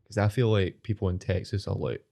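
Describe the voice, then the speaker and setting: A Scottish man with a fairly low voice chats on a podcast from a studio. He talks in a hesitant, wry way, stumbling and restarting as he works through his point. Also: fairly quick, gravelly, dark tone. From Scotland. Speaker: podcast co-host. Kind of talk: casual chat.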